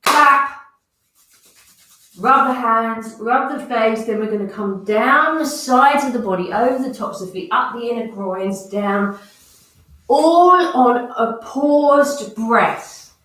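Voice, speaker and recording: This woman's voice sits on the high side, with a sharp tone and a measured pace. She instructs a guided movement and breathing session, counting off each cue. She's recorded from a distance, off the mic, in a heavily echoing room.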